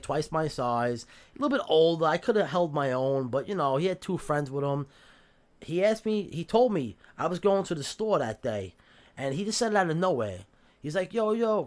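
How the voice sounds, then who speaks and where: A man with a New York accent telling jail stories on a podcast in a casual, streetwise way, swearing freely and acting out the voices he quotes. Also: on the high side. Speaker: podcast guest. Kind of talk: casual storytelling.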